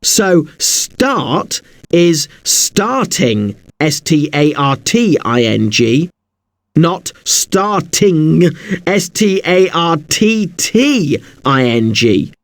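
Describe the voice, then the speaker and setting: A man teaching an English spelling lesson, spelling words out slowly letter by letter. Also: on the high side, big pitch swings, no echo.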